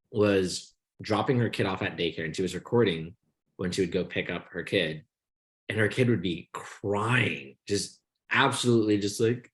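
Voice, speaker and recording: A man's voice: on the low side, fairly bright tone. A young man co-hosting a podcast, telling long rambling stories in casual chat and swearing freely as he mocks the people in them. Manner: rambling storytelling, swears freely, mocking quoted voices. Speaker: podcast co-host.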